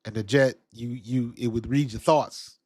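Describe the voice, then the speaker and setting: A man's voice: mid-range voice, steady tone, a little slow, a little mellow, no room sound, studio quality. A man hosting a casual live-stream about football, chatting loosely and answering viewers' comments from the chat. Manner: laid-back, conversational, reads and answers chat. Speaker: sports talk show host.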